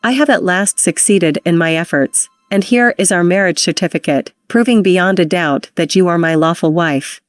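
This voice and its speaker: A woman's voice: lowish voice, normal speed, hardly any pauses, no echo, clean studio sound, lightly acted. A woman voicing an earnest, remorseful grown husband in a classic storybook reading. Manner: earnest, pleading. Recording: reading with music underneath.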